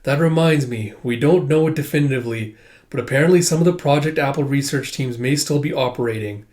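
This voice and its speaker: A man's voice: mid-range voice, a little fast, darkish tone, lightly acted. A man reading a tired grown woman. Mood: weary.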